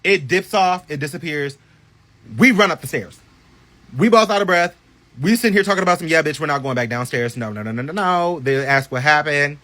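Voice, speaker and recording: A man tells a personal story straight to camera in a casual vlog. His voice sits a little high and sounds bright and forward. He talks in an animated, chatty way, with plenty of swearing and side comments. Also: a little fast. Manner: animated, profane, chatty storytelling with many asides.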